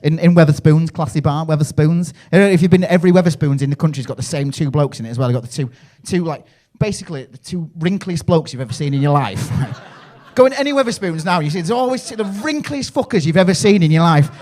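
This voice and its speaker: Rambling Yorkshire comic telling crude stories. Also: male voice, fairly high pitch, lively intonation, quick pace, few pauses. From England. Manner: crude, rambling storytelling with loud act-outs. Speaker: stand-up comedian. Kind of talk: stand-up comedy set. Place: comedy club stage.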